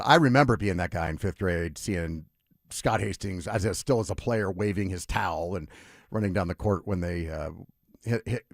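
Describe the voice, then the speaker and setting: A man's voice: on the low side, no echo. A man hosting a sports radio show, telling stories casually and animatedly with lots of asides, on a studio microphone. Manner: animated storyteller, lively with asides. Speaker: radio sports talk host.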